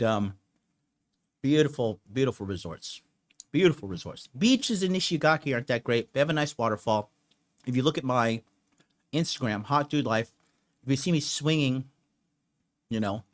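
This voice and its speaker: A young man hosting a podcast, telling a personal story in a blunt, rambling, profane way with lots of fillers. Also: medium pitch. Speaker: podcast host. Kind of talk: casual storytelling monologue.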